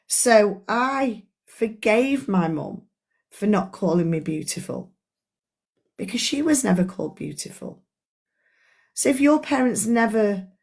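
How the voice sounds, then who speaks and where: Lady coach chatting thru a book club live, earnest, talks right at you, middle-aged, normal pitch. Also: a little mellow. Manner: earnest, chatty, speaks straight to her audience. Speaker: life coach.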